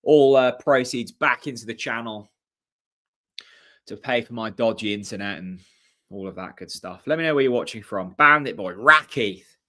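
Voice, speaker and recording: A young man from talks through a live football match for his viewers. He chats and reacts excitedly, drops in the odd swear word, and speaks in an ordinary mid-range voice. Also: mid-range voice, moderate pace. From Norfolk, England. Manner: chatty, excitable, swears casually. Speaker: host of a fan channel watchalong. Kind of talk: casual live commentary and chat with viewers.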